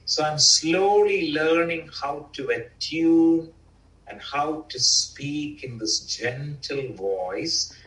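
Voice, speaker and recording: A man's voice: on the high side, takes it slowly, fairly bright tone. A man telling a group his personal story in an earnest, reflective way, with casual fillers. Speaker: speaker sharing a personal story. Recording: roomy, from far off.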